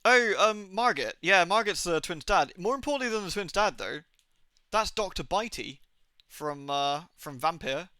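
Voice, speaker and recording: A young male streamer talks in a casual, rambling way, cracking jokes and tossing in quick goofy voices. His tone is bright and a touch high, and the sound is close and dry with no room around it. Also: expressive, smooth, no room sound. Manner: rambling, jokey, swears, acts out quick silly impressions. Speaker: game streamer. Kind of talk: casual live-stream chat.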